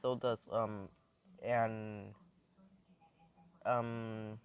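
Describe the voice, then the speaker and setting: A man improvising a fan-fiction story aloud, rambling and thinking out loud as he goes. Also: lowish voice, flat delivery, extremely slow, smooth, muffled recording.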